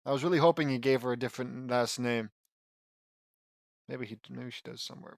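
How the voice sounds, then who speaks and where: A man's voice: medium pitch, fairly quick, gravelly, no room sound, studio quality. A man reading fan fiction aloud and breaking off for sarcastic, exasperated asides with swearing, sometimes trailing into mumbling. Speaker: fan fiction reader and commentator. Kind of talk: mocking read-along of fan fiction.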